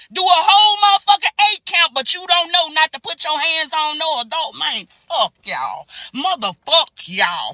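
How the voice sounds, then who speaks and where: A woman ranting angrily to her phone camera in a heated, profane reaction, swinging between shouts and low mutters. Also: dry recording. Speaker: social media commentator. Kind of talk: angry reaction rant to camera.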